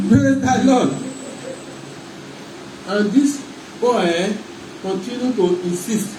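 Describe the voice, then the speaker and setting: High-voiced Nigerian pastor preaching. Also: male voice, unhurried, pauses often, a little mellow. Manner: rhythmic preaching with call-and-response. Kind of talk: sermon. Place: church hall. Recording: echoey hall, mic far off, faint noise.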